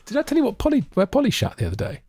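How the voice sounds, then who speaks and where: A man's voice: high voice, huge pitch swings, rapid-fire, warm tone, husky, no room sound, studio quality. A man in his thirties, a podcast co-host, telling rambling, self-mocking stories from home. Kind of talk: casual chat. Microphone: USB podcast mic with headphones.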